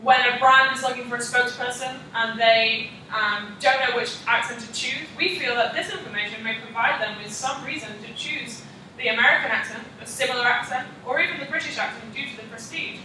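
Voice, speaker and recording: A woman's voice: a little high, fairly quick, sharp tone, a little hiss or hum. A young woman, a student, practicing a class presentation and reading from prepared slides with frequent ums. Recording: echoey room, mic far off.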